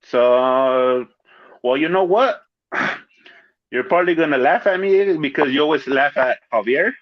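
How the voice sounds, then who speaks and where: A man chatting casually as a guest, using relaxed slang and calling his friend "fool" and "dog.". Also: on the high side, measured pace, highs cut off. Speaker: guest on a live-stream chat. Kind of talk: casual chat.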